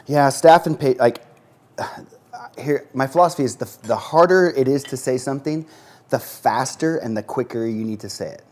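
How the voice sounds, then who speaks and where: A man's voice: medium pitch, normal speed, darkish tone. A man chatting casually while he cooks in a kitchen, rambling and often restarting his sentences. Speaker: dental professional, cooking guest. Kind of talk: casual chat while cooking. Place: kitchen on a live show.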